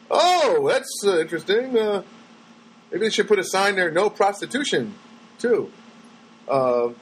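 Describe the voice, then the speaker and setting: An older man rambles through everyday stories in a somewhat high voice. He stumbles over his words, repeats himself and fills the gaps with "you know". When he quotes people his voice jumps up high. A faint air-conditioner hum sits behind him. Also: rough recording. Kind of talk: rambling casual storytelling.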